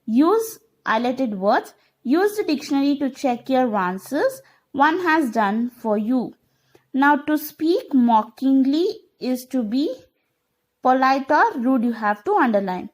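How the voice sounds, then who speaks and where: A woman's voice: sits high, big pitch swings. A woman teacher going through a grammar lesson, often repeating herself and asking "okay?", with non-native English phrasing. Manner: slow, repetitive, checks understanding with "okay?". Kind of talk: online classroom lesson.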